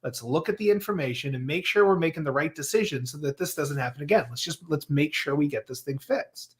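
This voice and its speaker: Speaking a little fast in a voice on the higher side, this man explains a couple's personality profiles during a live broadcast. His coaching mixes analysis with playfulness, and he performs the lines the partners say to one another.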